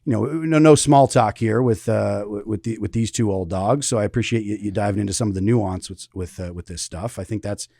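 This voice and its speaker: A man's voice: on the low side, brisk, creaky, hardly any pauses, mellow, dry recording, clean studio sound. A man hosting a podcast in casual chat. He rambles loosely and laughs often. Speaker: podcast host.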